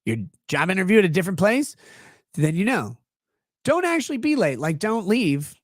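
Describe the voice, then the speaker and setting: A man's voice: high voice, sing-song, moderate pace, no echo, studio quality. A man hosting a casual livestream, reading chat messages aloud and riffing on them sarcastically. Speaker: livestream legal commentary host.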